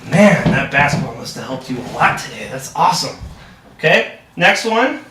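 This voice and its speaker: A man's voice: on the high side, sing-song, normal speed, background noise. A young man acting as a reading tutor in a practice lesson, upbeat and encouraging, with frequent praise. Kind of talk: practice lesson role-play. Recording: echoey room, distant mic.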